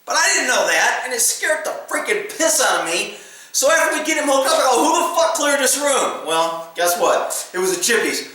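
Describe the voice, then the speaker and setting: A man who is a police officer, telling work stories in a casual, profane and animated way, laughing through the tense parts. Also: very high-pitched, fairly quick. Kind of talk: casual storytelling monologue. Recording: echoey room, far from the mic.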